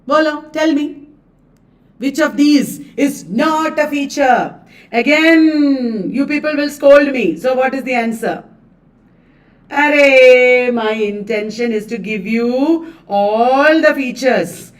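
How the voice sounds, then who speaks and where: A woman teacher with a high voice runs an exam quiz lesson at an unhurried pace, chattily reading out questions and options and repeating the questions and answers aloud. The recording sounds echoey, with a distant mic.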